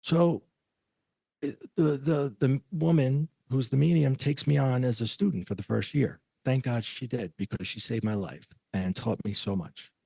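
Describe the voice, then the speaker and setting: A man's voice: mid-range voice, normal speed, vocal fry, dark tone, slightly rough, no room sound. A man telling a personal story as a podcast guest, acting out the voices of the people he quotes.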